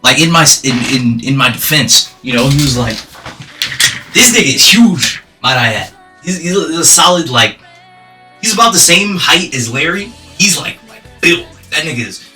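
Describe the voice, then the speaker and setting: A man vlogging a storytime, animated and profane, laughing as he tells it. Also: a little high, normal speed, faint music behind. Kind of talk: storytime vlog.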